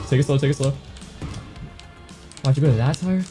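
A young man giving excited gameplay commentary, swinging from muttering to yelling. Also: medium pitch, normal speed, faint music behind. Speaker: gaming streamer.

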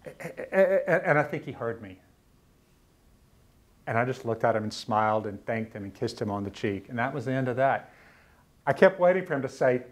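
Man, middle-aged, earnest, halting, mid-pitched, lecture storytelling. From Louisiana, US South. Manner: earnest, halting, repeats words when moved. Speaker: author giving a lecture. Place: university lecture room.

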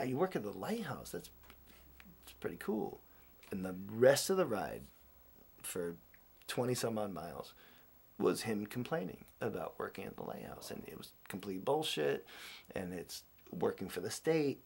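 Gravelly, husky man telling a rambling story. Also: lowish voice. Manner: rambling and animated, with many restarts and quoted voices. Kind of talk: casual storytelling.

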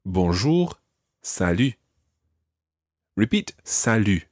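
A man's voice: lowish voice, very animated, extremely slow, a little mellow, no echo, studio quality. A man teaching beginners in a podcast lesson, patiently explaining each phrase step by step and modelling its pronunciation. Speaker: language teacher.

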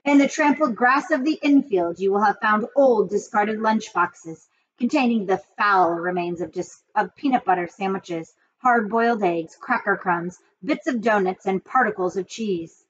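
A woman's voice: mid-range voice, normal speed, few pauses, natural voice. A wise old ewe describes things with relish, listing them one after another, as a woman puts her on. The storybook reading sounds dull and muffled, with a faint hiss. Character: wise old female sheep, persuasive.

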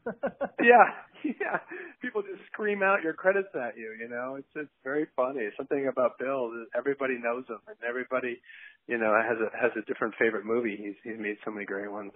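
A man's voice: mid-range voice, fast talker, no room sound. Male director, guest interview, anecdotal and rambling with frequent laughs, dry phone-line sound. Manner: rambling, laughs often, acts out quotes. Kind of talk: casual interview chat. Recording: dry, tinny phone-like audio.

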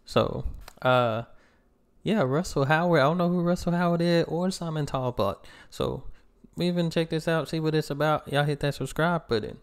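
Laid-back American reaction host. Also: male voice, on the high side, moderate pace, clean tone. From United States. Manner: relaxed, slangy chatter. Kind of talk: casual reaction commentary.

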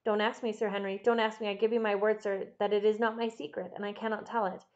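A woman's voice: medium pitch, little pitch movement, fast, darkish tone, dull audio, natural voice. A woman voicing a frightened, secretive male butler who pleads with his master, in an audiobook reading. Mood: pleading. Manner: pleading, agitated.

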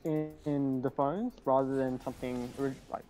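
A man chatting casually on a livestream, relaxed and halting as he gathers his thoughts. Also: mid-range voice, slight background noise. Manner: relaxed, halting, lots of fillers. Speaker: livestream co-host.

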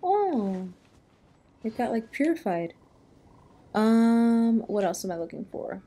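A tired woman with a hoarse voice, chatting casually and exclaiming to herself as she plays a video game. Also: a little high, sing-song, slow pace, dark tone. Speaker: gaming YouTuber. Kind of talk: casual gameplay commentary.

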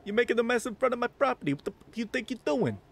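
A man's voice: very high-pitched, lively intonation, gravelly, voice pushed up, heavily acted. A man voicing a ranting robot shopkeeper. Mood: angry. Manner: loud, fast, indignant scolding. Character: grumpy male robot shopkeeper, short-tempered. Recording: game music playing behind.

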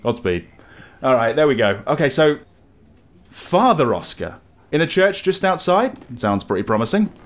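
A man's voice: fairly high pitch, very animated, normal speed. A man casually commenting while playing a game, with chatty, self-deprecating asides. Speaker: let's play host.

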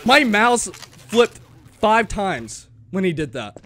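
A man's voice: sits high, very animated, takes it slowly, fairly bright tone, slight background noise. A young man streaming a horror game, talking to chat with panicky yelps and laughter. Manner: panicky, yelping exclamations, frequent laughing. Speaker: gaming streamer. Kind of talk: let's play commentary.

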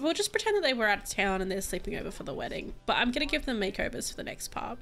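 A young woman narrates her life-sim game in a gushing, chatty way, her slightly high voice sinking to soft asides and then leaping into excited squeals. Faint background music plays under her talk. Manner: bubbly, gushing, swings between soft murmurs and excited squeals. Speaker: gaming YouTuber. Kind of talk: casual gameplay commentary.

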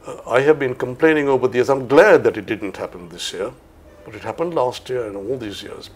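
An older man from Sri Lanka, a veteran cricket commentator reminiscing in an interview in an unhurried, anecdotal way. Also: mid-range voice, husky.

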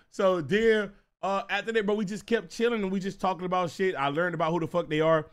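Young Texan man, high, bright, animated storyteller who laughs through his story. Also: normal speed. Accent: Houston, Texas. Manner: animated, laughing, drops into a deep voice to quote others. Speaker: streamer. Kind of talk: casual storytelling.

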